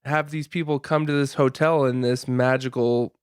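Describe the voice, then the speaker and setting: A man co-hosting a casual podcast chat, relaxed and joking with a quick laugh. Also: mid-range voice, clear, resonant tone, dry recording, studio quality. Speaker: podcast co-host.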